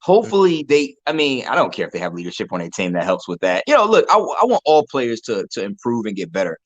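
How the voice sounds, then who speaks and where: A man co-hosting a casual sports chat, relaxed, often repeating words as he talks. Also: mid-range voice, quick pace, dry recording, dull audio.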